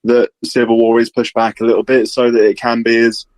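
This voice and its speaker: A man's voice: mid-range voice, monotone, fairly quick, darkish tone, no room sound, rough recording. A man, a podcast guest, speaking hesitantly and repeating words as he gives his view. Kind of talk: casual podcast chat.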